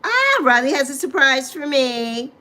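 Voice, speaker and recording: A middle-aged woman from the Virgin Islands hosts a casual livestream in a high, light voice. She chats and rambles, wanders off track, and greets viewers by name. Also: big pitch swings, a little slow, bright, forceful tone, rough recording. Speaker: livestream host.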